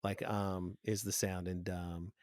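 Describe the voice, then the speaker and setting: A middle-aged man co-hosting a podcast in casual chat, telling relaxed anecdotes. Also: deep voice, slow pace, no echo, studio quality. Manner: easygoing, anecdotal, breaks into loud mock rants. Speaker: podcast co-host.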